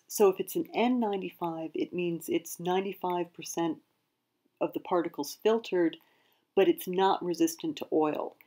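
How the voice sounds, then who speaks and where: A woman from the United States with a lowish, slightly mellow voice hosts an explanatory video lesson on a prepping channel. She speaks carefully, corrects herself as she goes, and hedges with "I believe."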